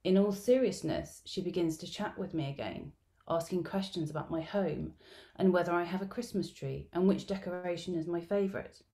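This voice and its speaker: Low, gravelly-voiced middle-aged woman reading. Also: warm tone. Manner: measured, reflective storytelling delivery. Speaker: education researcher presenting at a symposium. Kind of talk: reading a field-note narrative aloud.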